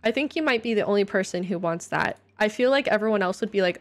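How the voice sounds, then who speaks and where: A woman's voice: mid-range voice, expressive, fast talker. A woman live-streaming a building game, talking casually and playfully to her viewers. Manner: playful, chatty, reacting to viewers. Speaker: livestreamer. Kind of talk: casual live-stream chat while playing. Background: faint game music.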